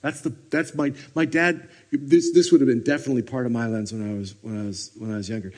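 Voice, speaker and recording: A husky-voiced man preaching at a retreat. His delivery is animated and swings from loud, energetic bursts down to hushed near-whispers. His pitch sits in a middle range. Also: fast. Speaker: retreat speaker. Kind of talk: sermon. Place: retreat meeting room.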